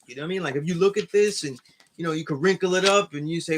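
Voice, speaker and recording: A man's voice: on the high side, quick pace, a bit bright. A man with a New York accent, hosting a casual live class and chatting loosely with viewers as he reads their comments. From New York area. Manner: rambling, full of "you know what I'm saying". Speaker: class instructor reading live chat. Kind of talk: casual livestream chat.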